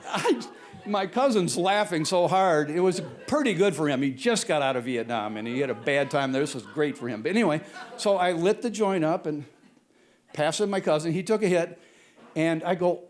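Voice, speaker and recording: A man's voice: a little high, animated, normal speed. An older man telling a true story on stage in a rambling, self-correcting way, often chuckling as he goes. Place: stage at a brewery before an audience.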